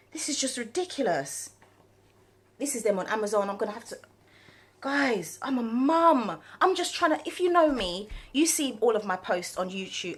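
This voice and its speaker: A woman's voice: fairly high pitch, fairly bright tone, a little hiss or hum. A woman, a vlogger and mum, telling a story to camera in an indignant, rambling way. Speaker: vlogger and small business owner. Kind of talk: casual chat to camera.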